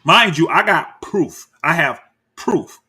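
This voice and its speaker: A man's voice: on the high side, slow pace, slightly rough. A man giving heated, combative commentary, calling out people by name and talking straight to his viewers. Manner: animated and combative, addresses viewers as y'all. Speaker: commentator reacting to clips.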